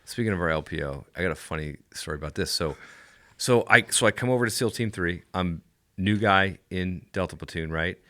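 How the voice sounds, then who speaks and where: A man, a former Navy SEAL guest, telling stories in a casual chat, animated and laughing often. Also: sits low, brisk.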